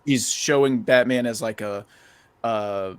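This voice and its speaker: Male guest, everyday mid-range voice, relaxed and opinionated, casual profanity. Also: medium pitch, takes it slowly, clear, resonant tone, dry recording. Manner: opinionated, loose, swears casually. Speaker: podcast guest. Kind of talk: casual film podcast chat.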